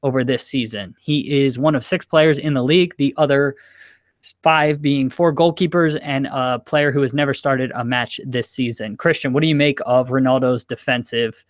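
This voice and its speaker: A man co-hosting a casual soccer podcast, talking briskly and steering the conversation between segments. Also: medium pitch, steady tone, no echo, studio quality. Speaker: podcast co-host.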